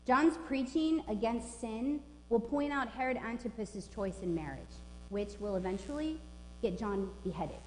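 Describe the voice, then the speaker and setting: A woman's voice: a little high, lively intonation, a little slow, a little hiss or hum. A woman pastor in her forties preaching a sermon in an emphatic, informal way. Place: church sanctuary. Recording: echoey church with long reverb.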